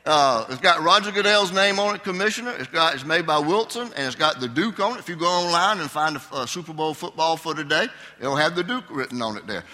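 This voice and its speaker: With a little high voice and lively intonation, an older pastor talks a little fast in a bright, forceful tone. He delivers a conversational Sunday sermon, putting questions to the congregation. The church sanctuary gives the audio a long hall reverb.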